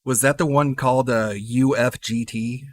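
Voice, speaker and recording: A man's voice: medium pitch, fairly even intonation, normal speed. A man streaming live and reacting to a video with joking, teasing asides.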